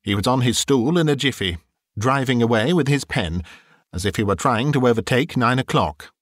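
A man reads a classic tale aloud in an expressive storytelling way. His pitch is lively and varied. The recording is dry and close, with no room sound. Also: normal speed, dry recording. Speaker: narrator. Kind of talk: audiobook reading.

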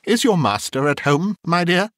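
Gleeful old man voiced by a male reader, reformed miser, playful teasing, lively swooping pitch, dry close sound. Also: normal speed, no echo. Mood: coaxing. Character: elderly male miser turned giddy and generous. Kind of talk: audiobook reading.

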